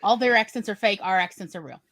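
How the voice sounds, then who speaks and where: Casual podcast co-host, woman, playful and mock-indignant, middle pitch. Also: fast talker, fairly bright tone, no room sound. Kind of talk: casual chat.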